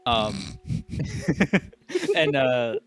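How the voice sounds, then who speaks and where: Slow, lively-voiced male player. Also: mid-range voice. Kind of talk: casual tabletop play.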